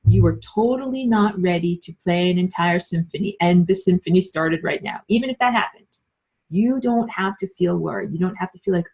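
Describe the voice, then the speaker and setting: A bubbly woman runs a live-streamed lesson, chatting with her viewers. She talks loosely, with plenty of "like" and "um", and slips into squeaky high voices when she quotes people. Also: a little fast, darkish tone, husky. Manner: many fillers like "like" and "um". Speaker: online spiritual course teacher.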